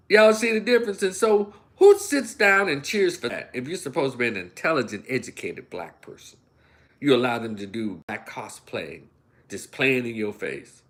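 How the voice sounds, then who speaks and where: Animated Southern man ranting commentary. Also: medium pitch, normal speed. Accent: Southern American. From Memphis, United States. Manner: animated, acts out voices and imitations; folksy, addresses listeners as y'all. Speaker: commentary channel host.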